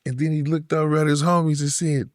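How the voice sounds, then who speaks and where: A man's voice: a little high, little pitch movement, fast, dry recording, studio quality. A man in his fifties from Oakland with a Bay Area accent, telling stories in a laid-back way, full of "you know what I'm saying" and acted-out voices. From Oakland, California. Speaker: guest rapper. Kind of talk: casual storytelling.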